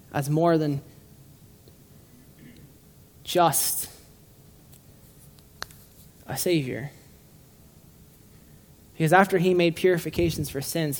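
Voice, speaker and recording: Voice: medium pitch, a little mellow. A preacher giving an informal, joking sermon to a room of listeners, often stumbling and restarting phrases. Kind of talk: casual conversational sermon. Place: room with a live congregation.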